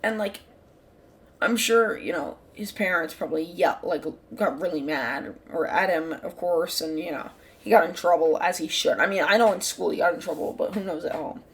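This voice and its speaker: A woman's voice: on the low side, moderate pace. A woman hosting her own channel, telling a story in a casual, rambling way, full of "like" fillers and the odd swear word. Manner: rambling, heavy use of "like" fillers. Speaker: channel host.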